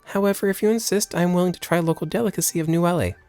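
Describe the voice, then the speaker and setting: A man's voice: sits high, very fast, darkish tone, smooth, faint music behind, voice pushed up. A man voicing a stiff, formal male alien companion in a video game. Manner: formal, polite.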